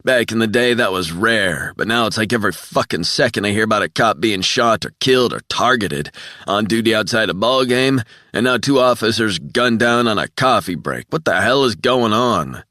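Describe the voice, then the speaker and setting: A man's voice: fairly low pitch, animated, normal speed, few pauses, fairly bright tone, dry recording, studio quality, voice pushed up. A man voicing a burly, red-faced former police officer who swears and talks in a heated, raised voice.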